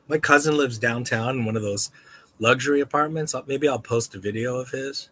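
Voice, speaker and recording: A man hosting a casual livestream, talking in a rambling, halting way with many restarts, and switching to high baby talk when addressing a dog. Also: fairly bright tone, breathy edge. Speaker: livestream host.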